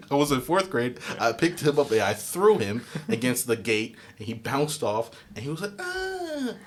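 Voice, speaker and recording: Young male podcast co-host, lively storyteller who swears freely and jumps all over his range. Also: medium pitch, moderate pace, slight background noise. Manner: animated storyteller, swears freely, acts out voices. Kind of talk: casual chat.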